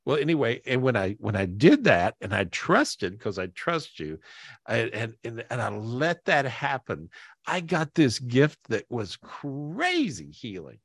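A man's voice: medium pitch, huge pitch swings, a little slow, slightly rough, no echo, studio quality. Teary, rambling man hosting over video call. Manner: rambling, repeats himself, emotional. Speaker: host. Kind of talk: live video-call podcast chat.

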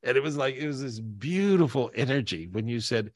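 A man's voice: mid-range voice, animated, normal speed, a bit bright, no echo. Brief: emotional male podcast host on a video call, teary, rambling, dry close sound. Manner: rambling, repeats himself, emotional.

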